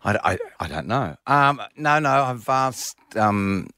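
A man's voice: medium pitch, sing-song, slow pace, bright, forceful tone, clean tone, dry recording. A man chatting easily as a guest musician in a radio studio. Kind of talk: radio interview.

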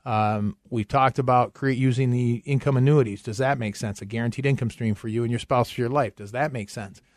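A man hosting a financial radio show, talking retirement planning and pitching a free consultation in an upbeat way. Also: steady tone, no echo, clean studio sound. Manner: upbeat pitch, repeats phone number slowly.

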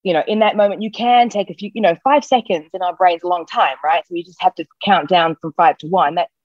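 A woman's voice: on the low side, quick pace, no room sound. Reassuring woman coach, dull dry sound. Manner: reassuring, emphatic, repeats key phrases. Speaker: parenting coach. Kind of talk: casual podcast chat.

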